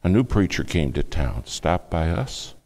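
A man preaching a sermon, telling a family story with hushed asides and louder bursts. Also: low voice, very animated, a little slow. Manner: dramatic storytelling, acts out quoted speech, shifts between hushed and loud.

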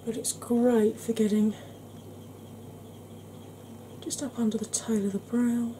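A woman chatting gently through an ASMR makeup tutorial, calling viewers "darling". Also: fairly high pitch, level tone, slow, slight background noise. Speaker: beauty vlogger.

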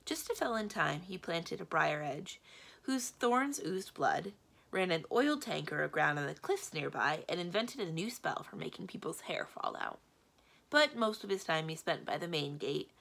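Woman narrator, children's read-aloud, expressive, bright and gravelly. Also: lowish voice, moderate pace. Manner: expressive storytelling, steady and clear. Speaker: librarian reading aloud.

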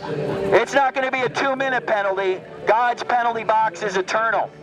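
High-voiced taunting street preacher, a man. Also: moderate pace, rough recording. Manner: taunting, repeats each jab, calls out passers-by by costume. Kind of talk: open-air street preaching. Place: outdoors on a city street.

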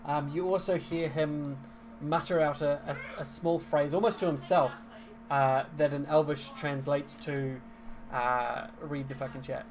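A man's voice: a little high, fairly even intonation, unhurried. A man narrating as game master in a casual tabletop game, rambling and correcting himself with frequent ums.

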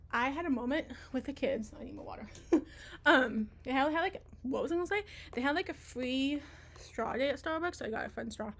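A young woman chatting casually in a vlog, bubbly and giggly, rambling, a little out of breath. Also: high-pitched. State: out of breath from dancing. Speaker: vlogger and teacher. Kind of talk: casual chat.

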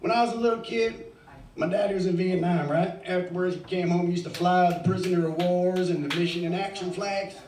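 Middle-aged male open-mic comic, crude, rambling and profane, with a high voice, caught from a distance in a roomy bar. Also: fairly even intonation, fairly quick, darkish tone, slight background noise. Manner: crude, rambling, swears freely. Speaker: stand-up comic. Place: bar stage. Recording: echoey bar, mic far off.

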